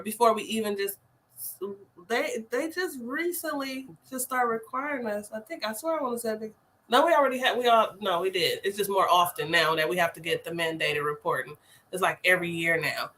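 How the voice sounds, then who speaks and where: Bright-voiced animated woman host. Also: mid-range voice, brisk, a little hiss or hum, poor audio. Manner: animated storytelling, slangy, lots of fillers. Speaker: host, family home child care provider. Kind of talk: casual live chat.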